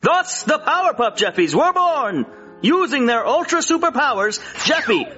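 A man's voice: very high-pitched, big pitch swings, moderate pace, highs cut off, music in the background. A man narrating a mock cartoon intro in a dramatic storybook manner.

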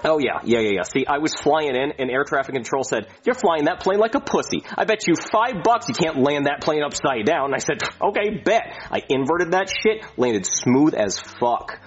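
A man's voice: on the high side, expressive, moderate pace, few pauses, a little hiss or hum, close to an everyday voice. A man playing a reckless, foul-mouthed airline pilot who brags and rambles. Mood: boastful. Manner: boastful, rambling, swearing. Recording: slightly muffled lo-fi audio.

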